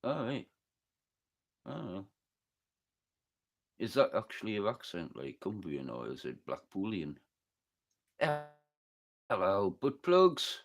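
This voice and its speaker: A man from northeast England chats casually with his live audience, reading comments, joking and swearing as he rambles from topic to topic. His low voice is very animated, unhurried and creaky, with frequent pauses.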